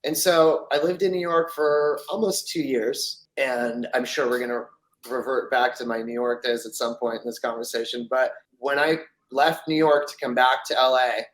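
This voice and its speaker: At normal speed and in a steady, medium-pitched tone, a middle-aged Frenchman tells long, rambling stories as an interview guest, recorded on poor audio. The talk is casual, heavy with fillers, and he performs the voices of those he quotes.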